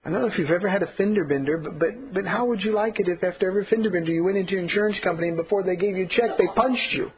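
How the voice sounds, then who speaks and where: A man's voice: high-pitched, very fast, few pauses, phone-quality sound, a crowd in the background. Earnest male pastor preaching. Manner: earnest preaching with emphatic repetition. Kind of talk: sermon.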